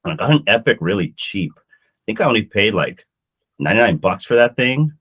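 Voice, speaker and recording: Man, very deep voice, casual chat, many fillers, online call. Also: breathy edge. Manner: relaxed, halting with fillers. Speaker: podcast panelist.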